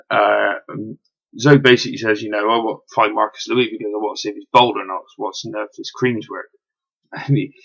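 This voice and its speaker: Gravelly low-voiced man reviewing. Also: sharp tone. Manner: rambling, lots of fillers and restarts, enthusiastic. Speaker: wrestling show reviewer. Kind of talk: casual solo review. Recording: dull lo-fi home recording.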